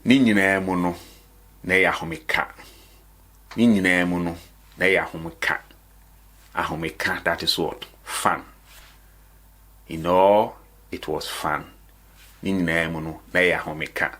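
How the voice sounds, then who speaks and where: A man's voice: sits low, fairly even intonation, moderate pace, long pauses, bright, forceful tone. A man teaching a beginners' language lesson, saying each phrase several times and asking and answering his own questions. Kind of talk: slow repetitive language lesson.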